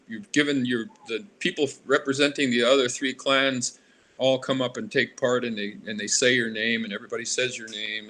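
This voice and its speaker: A man in his sixties from Alaska, a guest in an interview, rambling warmly and drifting into tangents. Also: mid-range voice, a little hiss or hum. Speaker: artist guest. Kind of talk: casual interview conversation.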